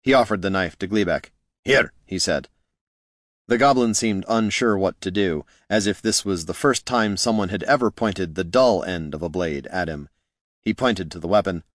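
A man narrating a fantasy audiobook in a wry, expressive storytelling manner. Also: low-pitched, normal speed, no echo, studio quality.

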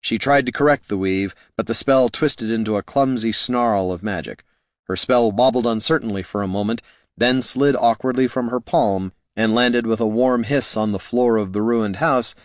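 Low-voiced male fantasy narrator. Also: normal speed, dry recording, studio quality. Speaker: audiobook narrator.

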